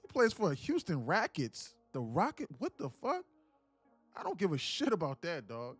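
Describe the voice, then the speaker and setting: A man voicing an irate male trader who has lost his money, profane and indignant, shouting at a streamer. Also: fairly high pitch, big pitch swings, fairly quick, soft background music.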